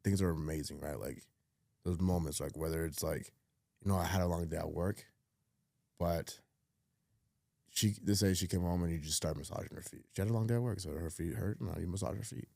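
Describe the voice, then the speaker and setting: A man's voice: low voice, fairly quick, gravelly, darkish tone, no room sound, clean studio sound. A man talking bluntly and emphatically as a guest in a casual podcast conversation, swearing freely.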